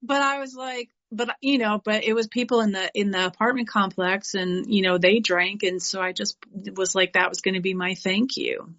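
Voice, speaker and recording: A middle-aged woman from New York giving a candid, animated personal share at a recovery meeting, with frank asides. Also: medium pitch, moderate pace, few pauses, muffled recording.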